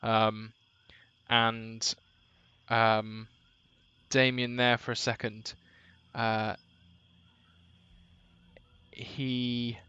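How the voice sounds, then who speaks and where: A man narrating as game master, hesitant and full of pauses and restarts. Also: medium pitch, completely flat delivery, bright, forceful tone, clear, resonant tone, dry recording, lo-fi sound. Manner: hesitant, many ums and restarts.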